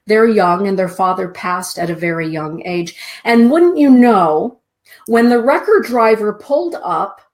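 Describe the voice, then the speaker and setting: A middle-aged woman hosts a spiritual talk show, with a voice of ordinary pitch for a woman. She tells her stories gently and earnestly and slows down to savor key words. At tender moments her voice sinks to a soft hush. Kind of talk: heartfelt storytelling and spiritual teaching.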